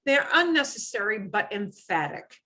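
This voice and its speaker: A middle-aged woman teaching a beginner Spanish class, modeling phrases slowly and clearly while explaining in English. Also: medium pitch, sing-song, sharp tone. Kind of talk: beginner language lesson.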